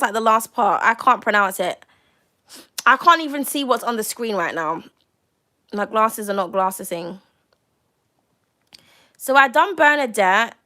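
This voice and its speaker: A woman giving a live-stream tarot reading, chatty and excitable, swearing freely. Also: fairly high pitch. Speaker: tarot reader.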